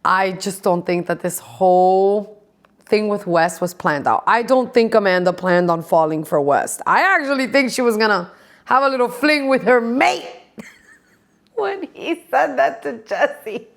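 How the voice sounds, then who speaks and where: A woman hosts a casual podcast in a loose, gossipy chat. She swears freely and breaks into laughter, her pitch sitting in a middle range. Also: expressive, measured pace. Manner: profane, gossipy, laughs often. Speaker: podcast host.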